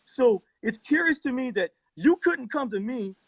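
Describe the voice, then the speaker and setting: On his phone during a heated livestream debate, a worked-up man tells a profane, rambling story that keeps circling back. His fairly high voice sounds gravelly and a bit breathy, with lively intonation at a moderate pace. The audio is close, dry, and echo-free.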